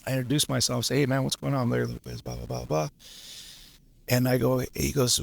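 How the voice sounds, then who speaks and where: A gravelly-voiced man around fifty tells work stories in a podcast chat. He talks bluntly, with plenty of profanity, at a middle pitch. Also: quick pace. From Los Angeles area. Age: 50s. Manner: blunt, profane, animated storyteller. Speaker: podcast guest, journeyman lineman. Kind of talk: casual storytelling chat.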